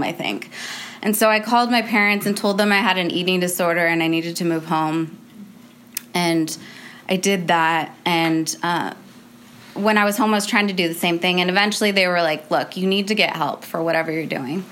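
A woman's voice: medium pitch, fairly bright tone. A young woman tells her own story in a loose, casual way. Her talk is rambling and packed with "like" fillers, with laughs slipping in between phrases. A faint hiss of background noise sits under the voice.

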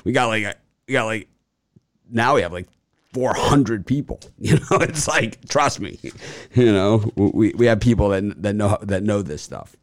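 A man's voice: lowish voice, a little slow, dry recording, clean studio sound. A man hosting a sports betting show, chatting casually, rambling with many fillers and boasting. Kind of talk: casual chat.

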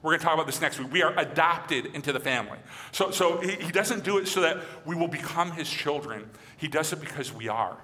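A fairly high, bright-voiced man from Michigan preaches a sermon as a pastor, animated and acting out the voices he quotes. His voice carries a long, ringing reverb from a large hall. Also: fairly quick.

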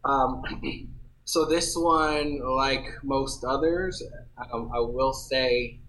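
A man's voice: mid-range voice, drawn-out words, fairly bright tone, rough recording. Rambling male podcast co-host. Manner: rambling, self-interrupting storyteller. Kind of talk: casual chat.

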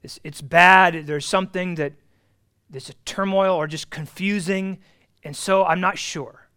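A man teaching an adult Bible class, earnest and emphatic, repeating key phrases and swinging between loud stresses and soft asides. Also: sits high, fairly even intonation, measured pace, clean tone.

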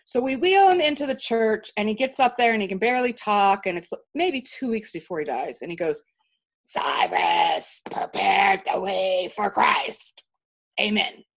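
A woman's voice: on the high side, brisk, hardly any pauses. Emphatic woman telling a long story. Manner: animated, emphatic storytelling with restarts. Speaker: interview guest. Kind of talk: storytelling in conversation.

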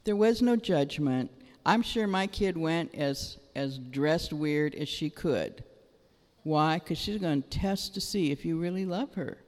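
A middle-aged woman giving an animated testimony in a sermon, breaking into excited exclamations. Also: sits low, a little slow. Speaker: church speaker. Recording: long reverb of a large hall.

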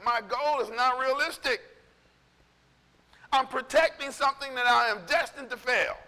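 A male pastor preaching in a casual storytelling way, animated and conversational, acting out what people said. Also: very high voice, normal speed, long reverb tail. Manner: animated, conversational, acts out quotes. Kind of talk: storytelling sermon.

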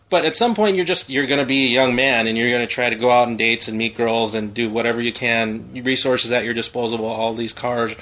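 A man's voice: mid-range voice, pushed and bright. A man hosting a casual comedy podcast, rambling through a story and acting out the bits. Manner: rambling storyteller, acts out quotes. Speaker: podcast host.

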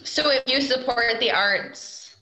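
A woman's voice: fairly high pitch, slow, sharp tone, low-quality recording. A woman co-hosting a podcast, chatting in a giggly, teasing way. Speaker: podcast co-host. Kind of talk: casual chat.

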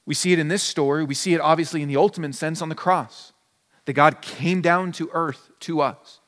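High-voiced man preaching in a hall. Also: steady tone, fairly quick, a bit bright. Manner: conversational preaching, acts out little dialogues. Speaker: pastor. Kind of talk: sermon. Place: church sanctuary. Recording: long hall reverb.

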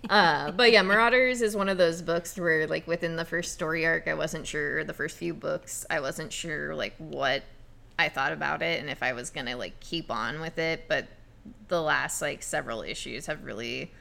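A woman's voice: deep voice, moderate pace, vocal fry. A woman co-hosting a podcast, casually recapping comics and laughing easily. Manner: relaxed, laughs often, recaps plot. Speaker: podcast co-host. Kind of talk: casual chat about comics.

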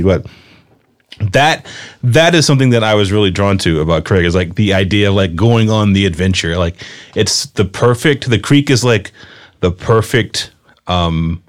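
A young man from rural North Carolina, hosting a casual podcast chat and telling lively stories with frequent laughs. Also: on the low side, normal speed. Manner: animated storyteller, laughs often, lots of "like". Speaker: podcast host.

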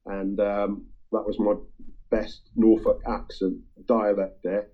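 A man with a husky, slightly breathy voice, pitched a little low, talks through a song in casual chat. He hesitates constantly, circling back with ums and repeated words. The sound is thin and tinny, like a phone line. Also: level tone. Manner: halting, full of ums and restarts. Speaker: music-sharing group member.

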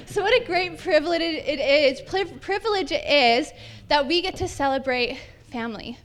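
A woman's voice: high-pitched, normal speed. A young woman pastor preaching a sermon in an upbeat, chatty way with lots of casual fillers. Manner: bubbly, upbeat, chatty with many "like"s.

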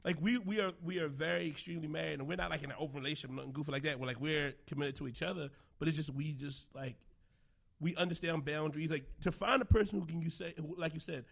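A man's voice: a little high, fast, vocal fry, a bit bright. A young man, a comedian guest, chatting bluntly and with lots of swearing, laughing as he tells stories. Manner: blunt, profane, laughing storyteller. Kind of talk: casual chat.

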